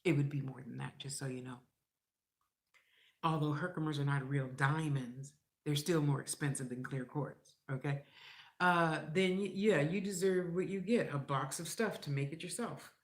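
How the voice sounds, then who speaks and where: Talking directly to the camera in a casual vlog monologue, a middle-aged woman with a deep voice speaks at normal speed. She's blunt and profane, rambles, and animatedly performs what others said. The recording has an echoey room sound.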